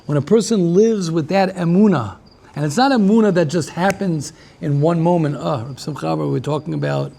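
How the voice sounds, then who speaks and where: A man who is a rabbi giving a lively class, repeating himself and restarting often as he talks with the audience. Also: on the high side, brisk, vocal fry.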